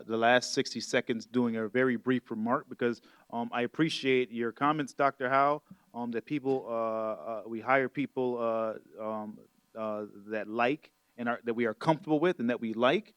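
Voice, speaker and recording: A man's voice: mid-range voice, steady tone, normal speed, fairly bright tone, clean tone, no room sound. A man moderating a panel, speaking hesitantly with many fillers. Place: conference hall.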